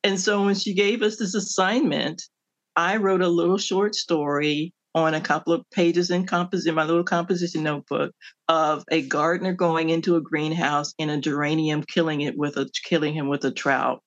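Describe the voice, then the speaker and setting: A middle-aged woman from the Midwestern United States, an author answering interview questions in an animated storytelling way, laughing often. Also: low voice, moderate pace. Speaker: author guest. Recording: dull lo-fi audio.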